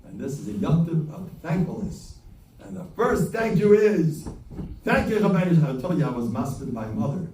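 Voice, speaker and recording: An older rabbi gives a joking, self-deprecating Chanukah talk to a gathering, recorded from a distance in a roomy hall with faint ambience and slight background noise. His fairly high, dark-toned voice swings widely in pitch at normal speed.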